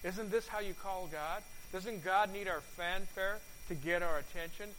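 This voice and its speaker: A man delivers a sermon in a fairly high voice, often pausing to ask his listeners questions and stumbling over repeated words. His volume climbs to loud peaks and falls back to near-quiet. A faint hum sits under the recording. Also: poor audio. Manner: volume swings from loud to soft. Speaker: pastor.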